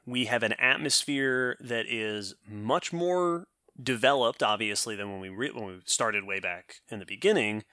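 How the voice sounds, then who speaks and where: Man, podcast co-host, explanatory, restarts mid-sentence, bright forceful tone, dry close sound. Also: mid-range voice, normal speed, few pauses, no echo. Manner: explanatory, thinks aloud with restarts. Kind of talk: casual science podcast chat.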